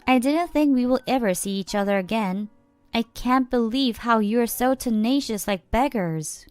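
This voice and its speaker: A haughty, contemptuous mother-in-law sneers down at others, as a woman storyteller plays her. The sound is dry and close-miked over a faint music bed. Her voice is smooth and clear. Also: fairly high pitch, normal speed, a little mellow, no room sound, close to an everyday voice. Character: snobbish rude mother-in-law, middle-aged woman, contemptuous.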